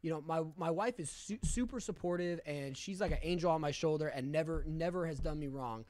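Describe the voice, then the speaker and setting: A man in his thirties sharing his sobriety story in casual chat, candid and profane, acting out quoted lines loudly. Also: fairly high pitch, a little fast.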